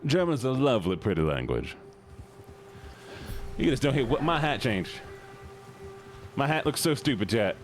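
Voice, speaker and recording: A man's voice: mid-range voice, big pitch swings, normal speed, pauses often, soft background music. A man streaming a game, chatting casually and playfully with his viewers. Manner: chatty, playful, talks to chat and game animals. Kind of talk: casual livestream chat.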